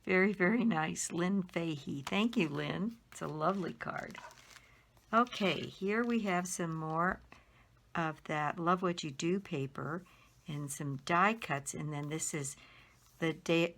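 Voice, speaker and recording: A woman's voice: lowish voice, a little slow, fairly bright tone. A middle-aged woman casually showing handmade greeting cards, admiring each one and spelling out the makers' names letter by letter. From Colorado. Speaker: card-making demonstrator.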